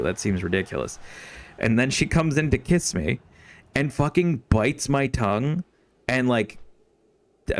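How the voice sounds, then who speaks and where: A man's voice: medium pitch, no room sound. A young man streaming a game and telling a long story in a rambling, profane way, with lots of fillers and restarts. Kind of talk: casual storytelling while gaming.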